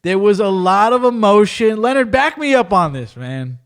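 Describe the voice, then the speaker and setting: A man hosting a podcast, telling stories in an animated way, acting out quotes and laughing often. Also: high voice, moderate pace, clear, resonant tone. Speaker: podcast host. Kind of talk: casual chat.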